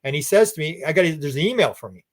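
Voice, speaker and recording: A man as an interview guest, telling a long story in an animated, rambling way and acting out what people said. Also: on the high side, very fast. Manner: animated, rambling, acts out quoted speech. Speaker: guest researcher.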